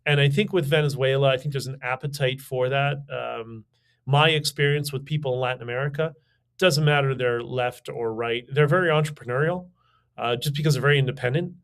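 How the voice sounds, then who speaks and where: A man's voice: medium pitch, fairly quick. A man hosting a livestream, giving casual, opinionated commentary with many fillers, restarts and sardonic asides. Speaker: podcast host.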